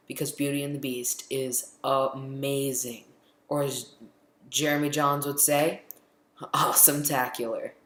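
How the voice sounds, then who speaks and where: Counting down his favorite films, a chatty teenage boy rambles and fills the gaps with ums in a casual vlog. He speaks on the high side with a fairly bright tone, and the room sounds echoey.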